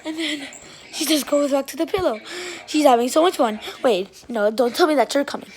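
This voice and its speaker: A woman chatting excitedly while filming her playful puppies, often gasping and exclaiming. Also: high voice, fairly quick. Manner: excitable, shrieks and gasps, keeps exclaiming. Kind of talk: casual excited commentary.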